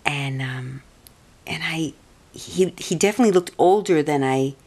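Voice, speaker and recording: Low-voiced chatty woman. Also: measured pace, darkish tone. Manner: meandering, chatty, many restarts. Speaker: vlogger. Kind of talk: casual personal storytelling.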